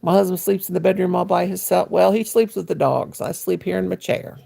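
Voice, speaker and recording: Older woman, livestream host at home; low, gravelly, husky, folksy chat. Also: level tone, a little fast, mellow. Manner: folksy, chatty, reads and answers viewer comments. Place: at home, sitting in her chair.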